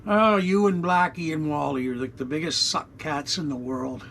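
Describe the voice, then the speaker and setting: A gravelly-voiced man in his sixties, talking off the cuff into an action camera inside his RV. He rambles, swears freely and fills the gaps with "uh" and "you know", pitched a touch higher than most men, with faint room hiss behind. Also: moderate pace, few pauses, fairly bright tone. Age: 60s. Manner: rambling, blunt and profane, many fillers. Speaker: vlogger. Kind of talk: unscripted rambling vlog.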